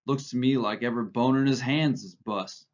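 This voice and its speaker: A man as a calm ranch leader giving firm instructions, close to the reader's own voice. The recording sounds slightly muffled. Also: medium pitch, moderate pace, lightly acted. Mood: steady firm.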